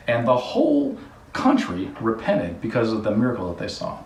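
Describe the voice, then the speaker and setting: A man's voice: mid-range voice, wildly swooping pitch, normal speed, creaky, a little mellow, slight background noise. Chatty man on a roomy DIY vlog. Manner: chatty, rambling, jokey. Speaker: host, contractor. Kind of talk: casual DIY vlog with storytelling. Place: house under renovation. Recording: roomy sound from off-mic.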